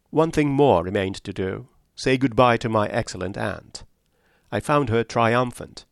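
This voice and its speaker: A man narrating a story for an audiobook in a measured, steady way. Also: on the low side, creaky, no room sound, clean studio sound.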